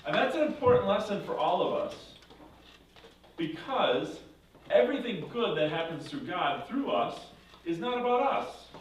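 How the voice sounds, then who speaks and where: A man's voice: high-pitched, very animated, normal speed, recorded from a distance, a little hiss or hum. Man teaching in an echoey room. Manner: conversational, checking in with 'right?'. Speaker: confirmation teacher. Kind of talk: casual classroom lesson.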